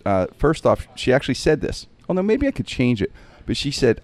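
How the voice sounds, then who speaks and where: A man's voice: medium pitch, fairly quick. A man telling a funny road-trip story in casual chat, acting out the other people's voices. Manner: animated, acts out quoted voices.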